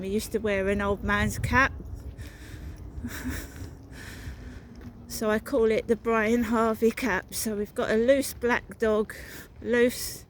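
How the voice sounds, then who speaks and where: A woman's voice: mid-range voice, noisy background. A woman narrating a walking vlog outdoors, talking in a rambling, repetitive, suspicious way. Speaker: vlogger. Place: outdoors, walking through a town.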